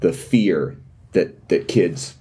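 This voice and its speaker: A man with a fairly low voice plays his character in a tabletop role-playing game. He talks in halting, earnest bursts, often starting over and hunting for words. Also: dark tone. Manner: halting, lots of fillers and restarts, earnest. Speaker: player.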